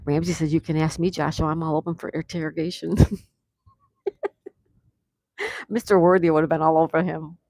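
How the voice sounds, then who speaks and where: Woman, deep voice, live-stream host, reads chat comments aloud, outdoors on a phone. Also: flat delivery, normal speed, creaky, long pauses, no echo. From USA. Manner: reads viewer comments aloud and chats warmly. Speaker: livestream host.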